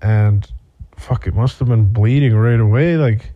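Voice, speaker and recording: In this casual monologue, the young male podcaster drifts through a profane personal anecdote thick with fillers. His mid-range voice moves unhurriedly, and the audio sounds narrow and tinny.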